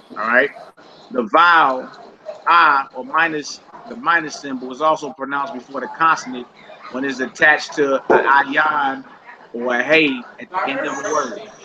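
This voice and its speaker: A man teaching a Hebrew lesson, reading from a primer and breaking off into casual, plain-spoken explanations while patiently coaching pronunciation. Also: on the high side. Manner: casual, plain-spoken asides between read passages. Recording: dull lo-fi audio with steady background noise.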